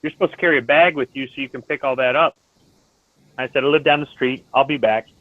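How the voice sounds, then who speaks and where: A man in casual chat who talks things through calmly and gives advice. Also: medium pitch, fast, no room sound. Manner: calm, reasoning, advice-giving tone. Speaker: stream host. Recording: tinny phone-like line, dry.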